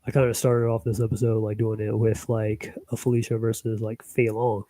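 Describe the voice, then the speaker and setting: A man's voice: lowish voice, little pitch movement, a little fast, warm tone, no room sound, rough recording. A man casually rambling about his own animation project, full of fillers and little chuckles. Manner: loose, filler-heavy, chuckling asides. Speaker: hobby animator.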